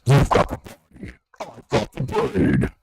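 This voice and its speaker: A man's voice: mid-range voice, huge pitch swings, measured pace, creaky, background noise, heavily acted. A man doing an impression of a sinister male horror-film dream killer, sneering and taunting.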